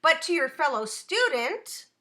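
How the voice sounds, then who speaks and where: A woman, an adult student, ranting casually on a live stream, animated and swearing, breaking off to answer her chat. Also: sits high, measured pace.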